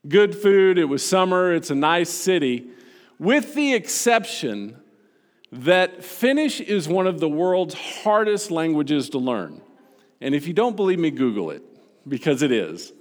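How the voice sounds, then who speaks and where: Preacher guy, kinda high voice, storytelling sermon, big echoey church sound. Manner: animated storytelling, drops soft and slow on key points. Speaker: pastor.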